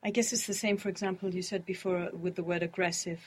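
A woman's voice: fairly low pitch, little pitch movement, quick pace, husky. A woman taking part in a language lesson as the student, giving short careful answers and sometimes thinking aloud.

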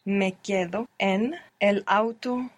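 A female student in a language lesson answers at a very slow pace, hesitating as she builds each phrase. Her voice is recorded dry and close, with little room sound. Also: mid-range voice, steady tone, dry recording.

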